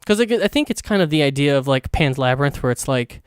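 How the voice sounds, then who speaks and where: A man's voice: fairly high pitch, lively intonation, quick pace, clean tone, no room sound, clean studio sound. A man hosting his own podcast, giving a casual, rambling, profane movie review full of fillers. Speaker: podcast host.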